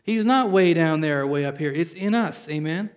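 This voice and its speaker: A pastor with a slightly high voice delivers an earnest sermon to a church congregation, expressive and smooth at a moderate pace. He reads scripture aloud, explains it in everyday words and keeps asking his listeners for an amen.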